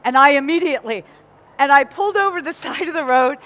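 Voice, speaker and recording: A woman from England with a North American accent, giving a lively motivational talk to a live audience and often asking them questions. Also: high voice, quick pace. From Nottingham, England. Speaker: motivational speaker.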